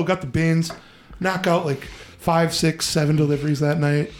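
A man hosting a podcast, telling a story in a casual, profane, animated way and acting out the voices he quotes. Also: a little high, normal speed. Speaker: podcast host.

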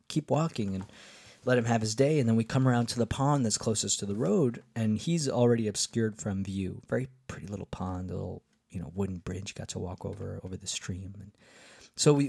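Low gravelly man telling a rambling story. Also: darkish tone, no room sound, studio quality. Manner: rambling, many fillers and restarts, upbeat. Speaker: podcast host. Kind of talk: casual storytelling monologue.

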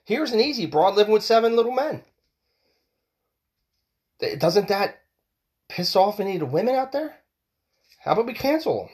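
A man's voice: high-pitched, big pitch swings, brisk. A man hosting a solo podcast, ranting with heated, profane talk, often repeating and stumbling over his words. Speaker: podcast host.

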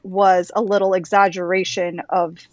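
A woman's voice: lowish voice, level tone, moderate pace, a little mellow, no echo, dull audio. A woman chatting casually and frankly, often restarting her sentences, over a video call. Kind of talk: casual chat.

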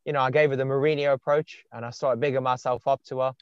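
A man's voice: medium pitch, steady tone, quick pace, smooth, dry recording. A young man telling laid-back stories on a casual podcast, full of fillers. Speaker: podcast host and dating coach. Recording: dull muffled podcast sound.

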